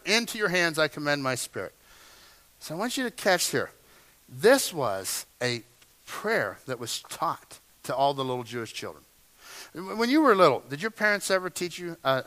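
A male pastor preaching with emphatic delivery, dropping to a hush and then rising again. His voice sits a little high and has a bright, forceful edge. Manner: emphatic preaching, swinging from hushed to loud. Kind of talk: sermon.

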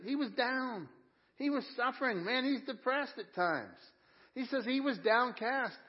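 Man preaching a lively, conversational sermon. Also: fairly high pitch, lo-fi sound. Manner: conversational preaching, swings from hushed to excited. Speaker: pastor. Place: church service.

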